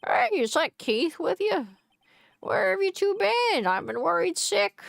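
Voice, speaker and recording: A woman's voice: very high-pitched, sing-song, unhurried, creaky, no room sound, studio quality, voice pushed up, exaggerated voice. A woman voicing a cheerful, bubbly young female assistant, in a perky, raised voice.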